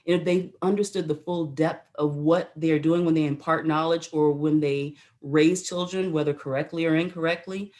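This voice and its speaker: A woman's voice: deep voice, fairly even intonation, moderate pace, hardly any pauses, a little mellow. A middle-aged American woman, a retired Army colonel, telling stories as a talk show guest and acting out the voices she quotes. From United States. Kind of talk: storytelling in a talk show interview.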